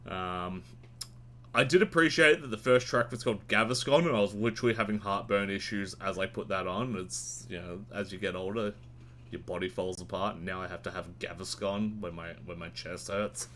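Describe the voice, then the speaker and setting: A man reviewing new albums in a casual, rambling and sweary way, with sudden jumps in pitch. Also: moderate pace, sharp tone, slight background noise. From Australia. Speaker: music reviewer. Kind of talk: casual monthly album roundup.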